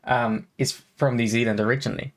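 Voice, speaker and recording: Male podcast co-host, casual and rambling, mid-range pitch, heavy on fillers. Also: steady tone, brisk, a bit bright. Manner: rambling, many fillers and restarts. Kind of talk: casual chat.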